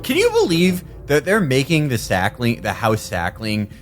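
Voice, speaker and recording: A man voicing a giddy male adventurer in a high, excited, put-on voice. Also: moderate pace, soft background music. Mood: indignant.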